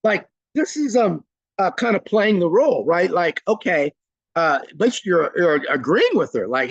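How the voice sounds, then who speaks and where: A man runs a live online workshop over a computer mic, his slightly high voice carrying a gravelly edge. The sound is dry and close, with no room around it. He talks informally and warmly praises each participant's reply. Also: very animated, moderate pace, no room sound, lo-fi sound. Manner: encouraging, praises participants by name; chatty and informal, frequent fillers. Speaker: trainer leading a webinar. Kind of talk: live online training, reading chat replies aloud.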